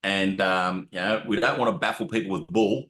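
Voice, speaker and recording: A man's voice: sits low, moderate pace, bright, forceful tone, roomy sound. A man hosting a casual interview, chatty and matey, calling his guest "mate". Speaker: podcast host.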